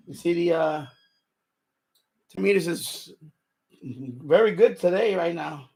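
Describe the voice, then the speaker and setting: A man's voice: a little high, animated, slow, creaky, warm tone. A man talking casually and out of breath on a live stream about his ham radio, laughing to himself as he moves gear around his setup.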